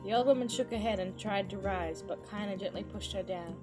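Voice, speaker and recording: A woman voicing an anxious but determined young girl, speaking in a high, urgent voice over clear background music. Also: a little fast, natural voice. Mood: gentle.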